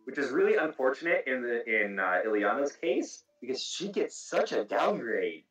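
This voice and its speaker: A man's voice: mid-range voice, sing-song, normal speed, fairly bright tone, faint music behind. A man hosting a casual podcast chat about video games, explaining game details at length. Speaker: podcast host. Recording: echoey room, distant mic.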